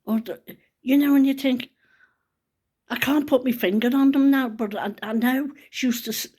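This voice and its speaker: A woman's voice: sits high, moderate pace, darkish tone, slightly rough. A middle-aged woman, chatting to camera and telling a personal story in a rambling, earnest way. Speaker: vlogger. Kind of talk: casual chat to camera.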